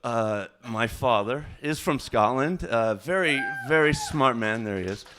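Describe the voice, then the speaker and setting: A man doing a stand-up comedy set, rambling and halting, with fillers and self-corrections. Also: mid-range voice, expressive, pushed and bright, slight background noise.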